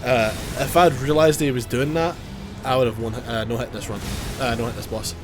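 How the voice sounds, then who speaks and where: A man's voice: mid-range voice, steady tone, moderate pace, over music. A man with a cold, giving casual, joking gameplay commentary, self-mocking and swearing now and then. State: has a cold. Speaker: gaming YouTuber.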